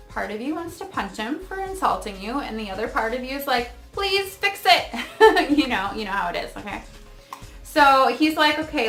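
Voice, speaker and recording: A woman in her thirties with a bright, clear voice gives a casual skincare review. She talks in a rambling, chatty way full of asides. The room is echoey and faint music plays underneath. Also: medium pitch. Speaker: beauty vlogger.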